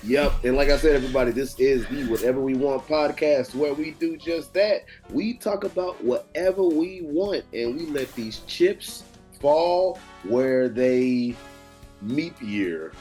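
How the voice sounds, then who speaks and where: A man hosting a podcast in casual chat, excitable and rambling, often stumbling over his words. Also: mid-range voice, measured pace, faint music behind. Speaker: podcast host.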